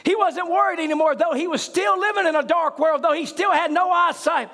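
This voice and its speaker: A man preaching a revival sermon to his church. He shouts in fervent surges and breaks into hallelujahs, then drops low and quiet to tell the story. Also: fairly even intonation, brisk.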